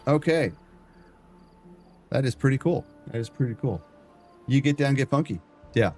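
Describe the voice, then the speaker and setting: A man's voice: medium pitch, animated, moderate pace, a little mellow, faint music behind. A man from Canada, a variety streamer chatting casually and jokingly with his live-stream chat.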